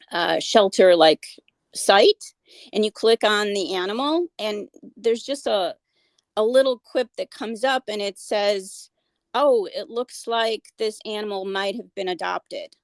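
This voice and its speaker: Earnest woman with a gravelly edge. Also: medium pitch, dry recording. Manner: earnest, many fillers and restarts. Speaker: guest, animal advocate. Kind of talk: casual interview conversation.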